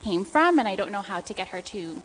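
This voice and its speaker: A woman's voice: medium pitch, sing-song, brisk, slight background noise, poor audio. A woman, a parent in the audience, asking a question hesitantly with many fillers.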